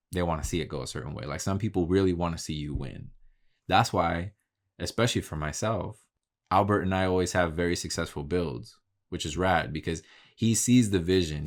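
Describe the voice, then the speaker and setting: A man talking in a casual, candid vlog monologue, swearing freely and telling stories about his work. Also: low voice. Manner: profane, candid, talks through stories. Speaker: vlogger.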